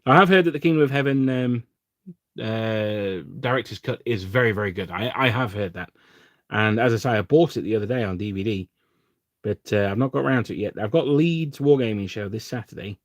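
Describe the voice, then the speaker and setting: A man's voice: on the low side, animated, brisk, dry recording, studio quality. Rambling English man on a livestream. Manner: rambling and self-deprecating, with frequent fillers. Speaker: livestream host. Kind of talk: casual live-stream chat while painting miniatures.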